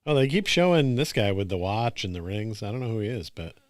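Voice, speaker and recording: A man's voice: fairly low pitch, a little fast, no echo. A man co-hosting a basketball podcast, making wry, laid-back remarks while watching a live game. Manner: laid-back, wry, lively ups and downs. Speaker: podcast co-host. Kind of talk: casual live watch-along chat.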